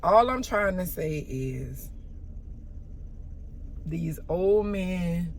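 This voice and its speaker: A woman telling a story in a casual vlog, sassy and animated, with sudden loud exclamations and soft asides. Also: fairly low pitch, drawn-out words, slight background noise.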